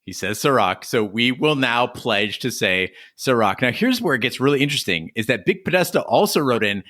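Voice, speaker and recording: A man's voice: medium pitch, animated, brisk, fairly bright tone, dry recording, clean studio sound. A man hosting a podcast, reading listener emails aloud with a wry, casual delivery.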